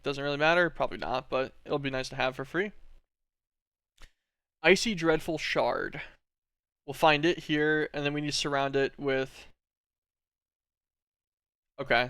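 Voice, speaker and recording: A man streaming a game, thinking aloud in relaxed, rambling commentary. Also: medium pitch, clean tone, dry recording, clean studio sound.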